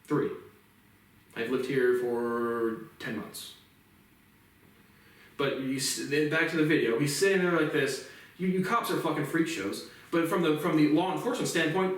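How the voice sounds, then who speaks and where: A man talking alone to camera in a profane, rambling rant that keeps turning heated. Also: medium pitch. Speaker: vlog host. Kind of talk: solo rant monologue. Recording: echoey room, far from mic.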